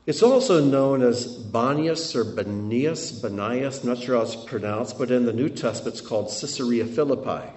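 A man giving a sermon while showing travel photos, telling it in an animated way that swings between loud and hushed. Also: medium pitch, reverberant. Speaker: preacher.

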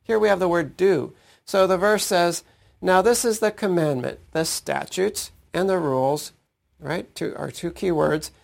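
A man's voice: a little high, vocal fry. A man teaching a weekly Torah portion, thoughtful, often checking in with "right?". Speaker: Bible teacher.

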